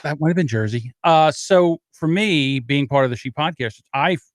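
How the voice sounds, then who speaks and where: A man's voice: fairly high pitch, expressive, normal speed, dry recording, studio quality. A man talking as a podcast guest in casual chat, wry and plain-spoken. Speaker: podcast guest, audio editor.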